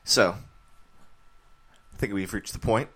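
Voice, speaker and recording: A man's voice: on the low side, slow pace, a bit bright, husky. A man co-hosting a comedy podcast, bantering casually with dry, irreverent jokes.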